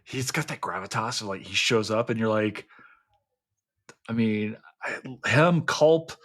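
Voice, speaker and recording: A man's voice: on the low side, animated, measured pace, a bit bright. A man from the American South hosting a podcast, chatting about film and history with lots of fillers and restarts. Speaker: podcast host. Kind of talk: casual film and history chat.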